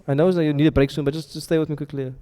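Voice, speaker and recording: A man's voice: on the high side, flat delivery, very fast, dark tone. Man teaching in a reverberant hall. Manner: keeps checking in with students, asks questions. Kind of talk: classroom grammar lesson.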